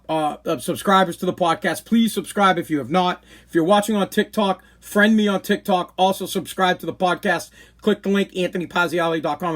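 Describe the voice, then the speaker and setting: A man's voice: high-pitched, a bit bright. A man hosting his own live-stream podcast, ranting in an aggravated, sarcastic way. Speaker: podcast host.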